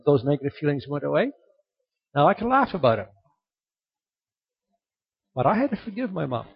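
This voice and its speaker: A middle-aged man giving a motivational sermon to young people, emphatic and repetitive, sometimes dropping to a soft earnest tone. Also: on the high side, very animated, moderate pace, creaky, husky. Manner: emphatic, repeats key points, drops to soft earnest tones. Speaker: youth speaker. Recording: dull lo-fi recording.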